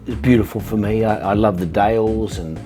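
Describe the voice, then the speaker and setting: Animated Australian man telling stories. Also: fairly low pitch, fairly quick, music in the background. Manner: animated storyteller with many restarts. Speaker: actor, interview guest. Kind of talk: casual interview chat.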